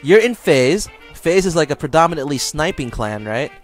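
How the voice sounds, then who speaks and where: A young man with a slightly high voice, needling an opponent in game chat with calm, sarcastic mockery. Faint music plays under the chat. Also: moderate pace. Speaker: gamer and video maker.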